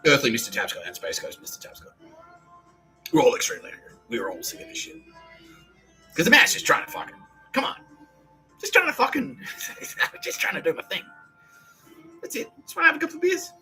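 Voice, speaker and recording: Profane Australian man rambling, bright voice. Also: very high voice, wildly swooping pitch, fairly quick, long pauses, faint music behind, low-quality recording. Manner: profane, laughing, agitated storytelling. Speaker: podcast host. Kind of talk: rambling monologue.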